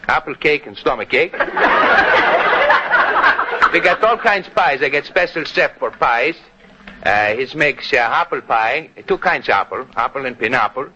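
A man's voice: medium pitch, animated, normal speed, pauses often, highs cut off, natural voice. A man voicing a boastful Greek restaurant owner in a put-on Greek accent, mangling English as 1930s vaudeville dialect comedy, on a noisy old radio recording. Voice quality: garbled broken English, malapropisms. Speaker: comic dialect monologue.

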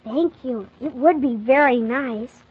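A woman's voice: high-pitched, unhurried, a little hiss or hum. A woman voicing a polite, earnest young orphan boy who narrates his own story. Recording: dull lo-fi old recording.

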